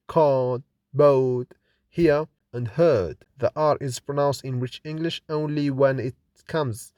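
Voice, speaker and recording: A phonetics lecturer records a lesson, reading example words slowly and deliberately, one at a time, so listeners can repeat them. His mid-range voice has a darkish tone, captured dry with clean studio sound.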